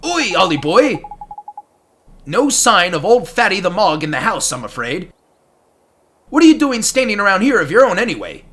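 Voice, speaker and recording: Brief: a perky little male fairy sidekick from a video game, cheeky and chummy, high lively voice over soft game music. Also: normal speed, long pauses, a little hiss or hum. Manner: cheerful, colloquial, calls people "boy".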